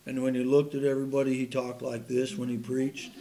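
A man's voice: medium pitch, completely flat delivery, brisk, mellow. A man preaching a sermon in a folksy, joking way, laughing at his own puns and stories.

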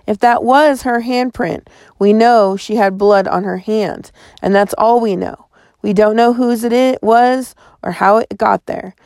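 A woman voicing a steady, protective mother who speaks in a firm, calming, measured way. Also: fairly high pitch, no echo, studio quality.

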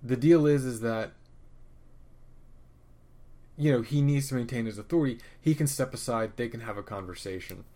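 A man casually recapping a TV episode, opinionated and profane, rambling with restarts and swinging between loud rants and muttered asides. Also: medium pitch, moderate pace, pauses often. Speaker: podcast host reviewing a TV episode.

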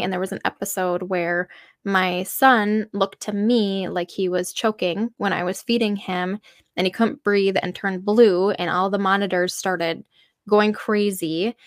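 A woman's voice: mid-range voice, dry recording, studio quality. A young adult woman earnestly telling a personal story about giving birth, emotional and full of fillers.

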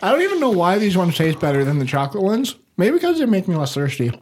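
A man co-hosting a laid-back podcast, his voice leaping around in pitch as he talks. He sounds eager and enthusiastic, tossing in casual swearing as he chats. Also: huge pitch swings, quick pace, a little mellow, a little hiss or hum. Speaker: podcast co-host. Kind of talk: casual chat.

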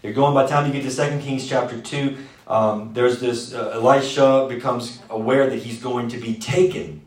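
A man preaching a sermon, telling the story fast and with energy, now and then shouting out lines in character. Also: medium pitch. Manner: energetic, fast-talking storyteller with bursts of loud mimicry. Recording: echoey room.

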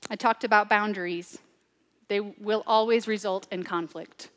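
A woman's voice: medium pitch, steady tone, normal speed. Woman preaching in a reverberant hall. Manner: swings between loud urgent preaching and hushed near-whispers. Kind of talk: sermon.

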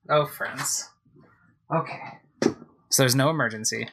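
A man hosting a gaming podcast, chatting excitedly and thinking aloud as he plays. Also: mid-range voice, moderate pace, vocal fry, background noise. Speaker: podcast host playing a video game. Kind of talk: casual let's-play commentary. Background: game music.

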